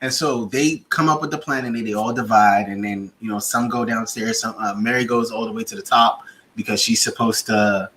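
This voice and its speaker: A man co-hosting a casual review chat, retelling scenes in a lively way and jumping into high-pitched bursts when he acts out characters. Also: fairly quick, a crowd in the background, poor audio. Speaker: podcast co-host reviewing a TV series.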